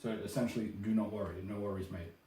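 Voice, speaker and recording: A man's voice: fairly low pitch, fast, mellow, a little hiss or hum. A young Australian man with an Australian accent, co-hosting a casual chat and explaining slang in a playful, mock-formal way. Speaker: co-host. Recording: roomy, distant mic.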